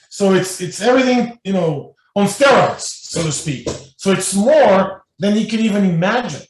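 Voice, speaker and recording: A man with a high-pitched voice and lively intonation gives a spiritual lecture as guest speaker, speaking unhurriedly. He tells stories loosely with many fillers and restarts, recorded in an echoey room with the mic at a distance.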